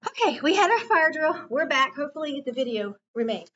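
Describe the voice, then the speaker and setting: The reading teacher's voice sits high and swings widely in pitch, brisk and fairly bright as she patiently coaches a single student through phonics in a classroom, stretching out each cue. The recording is lo-fi, dull and far from the mic.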